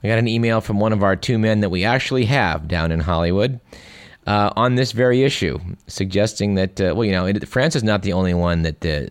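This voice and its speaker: A man's voice: on the low side, clear, resonant tone, dry recording, studio quality. A man hosting a radio show, chatting wryly and reading listener emails aloud. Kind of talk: casual radio commentary.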